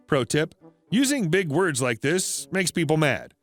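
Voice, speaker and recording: A man narrating an internet story in a plain, even storytelling delivery. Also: on the high side, unhurried, faint music behind.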